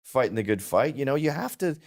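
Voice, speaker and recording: A middle-aged man talking in a casual chat, his pitch swinging high and low as he tells stories. He is blunt and profane, laughs at his own jokes and drops into mimicked voices of old men. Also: animated, fast talker, a little mellow. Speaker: guest.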